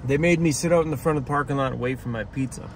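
A man's voice: mid-range voice, racing, a little hiss or hum. A man chatting casually to the camera in a travel vlog, laughing often and talking fondly to his dog. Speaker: van life vlogger.

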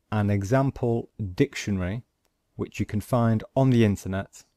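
A man teaching a pronunciation lesson over a screen recording, explaining slowly and step by step. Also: lowish voice, creaky, dark tone, no echo, clean studio sound. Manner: slow, deliberate, explaining step by step. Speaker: language teacher.

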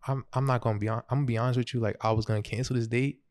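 Young ny guy telling a wild story, laughing a lot, middle-pitched. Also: very fast. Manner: laughs through his story, animated, quotes himself. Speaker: podcast host. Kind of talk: casual storytelling chat.

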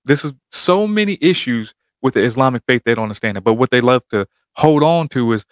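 A man talks over a debate clip in loose, slangy reaction commentary, hyping himself up and ribbing the other side. His voice sits at an ordinary pitch. The sound is dry and close, with no room around it. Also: quick pace, hardly any pauses, dry recording. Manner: animated trash-talking slang. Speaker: reaction video host.

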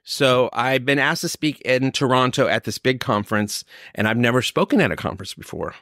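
A man from California, older, telling his recovery story in a lively, storytelling way, acting out what others said. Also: mid-range voice, brisk, no echo, clean studio sound. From Sacramento, California. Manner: storytelling, animated, quoting others. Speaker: recovery speaker.

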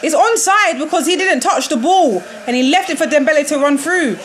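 A young woman reacting live to a football match, excitable and quick to shriek and laugh. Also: high-pitched. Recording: loud crowd noise behind. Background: crowd noise from the match broadcast.

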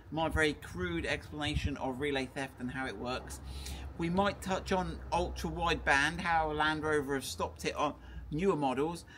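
A man's voice: on the high side, a bit bright, a little hiss or hum. Chatty man explaining cars. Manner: chatty, rambling, playful. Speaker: car business owner. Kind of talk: casual explainer video.

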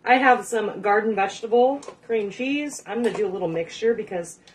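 A woman's voice: mid-range voice, a little fast, far from the mic. Casual woman cooking-vlog host, chatty and self-mocking, recorded a bit off-mic. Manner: rambling, self-deprecating, swears casually.

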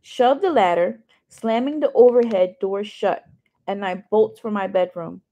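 A woman's voice: medium pitch, a little slow, warm tone. A woman reading a novel chapter aloud in first person, adding chatty asides to her listeners. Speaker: reader.

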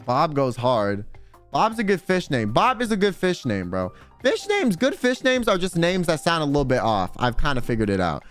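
A young man chats on a livestream in a high voice that leaps up and down with animation. He rambles through slangy, offhand stories. Faint music plays softly behind him. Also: wildly swooping pitch, normal speed. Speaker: streamer. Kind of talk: casual livestream chat.

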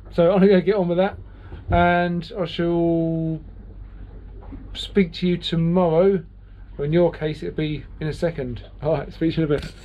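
Speaking to camera from his boat, a British man rambles about repairs and jokes at his own expense with his viewers. His pitch leans high. The recording sounds dull.

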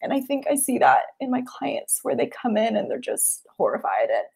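A woman's voice: fairly high pitch, huge pitch swings, moderate pace, vocal fry, a little mellow, husky. A young adult woman, a therapist, talking in an earnest, heartfelt and reflective way during an interview. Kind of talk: interview conversation.

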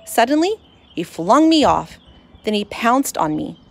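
A woman narrating a children's storybook in first person, expressive and lively. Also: a little high, measured pace, vocal fry.

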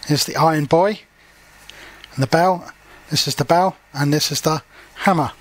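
A man's voice: on the high side, normal speed. A man reading a children's story aloud as a language teacher, stopping to explain words simply.

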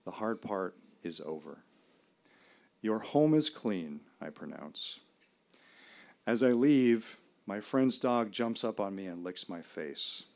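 A man performing a first-person story live on stage, in a measured, dramatic delivery with pauses. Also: fairly low pitch, lively intonation, creaky, a little mellow. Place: small live venue.

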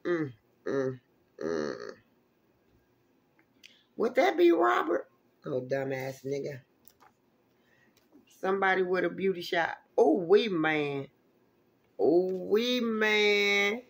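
A woman giving a casual tarot reading, animated and exclamatory, with plenty of salty, profane asides. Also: fairly low pitch, slow, creaky, pauses often. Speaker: tarot reader.

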